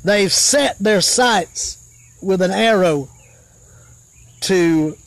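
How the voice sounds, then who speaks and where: A man preaching a live sermon fervently, rising to shouts and dropping to murmured praise in between. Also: high voice, drawn-out words, no echo.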